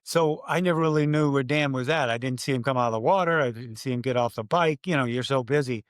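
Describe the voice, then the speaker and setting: An older man, a former race announcer, telling stories in an interview and acting out his own loud calls. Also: medium pitch, quick pace, clean tone, dry recording, studio quality. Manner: animated storyteller, acts out his own calls loudly. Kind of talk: conversational storytelling interview.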